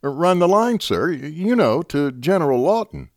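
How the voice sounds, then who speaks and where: A man's voice: on the high side, very animated, normal speed, a little mellow, no room sound, clean studio sound, voice pushed up. A man voicing an eager young army lieutenant, earnest and stammering over his plan.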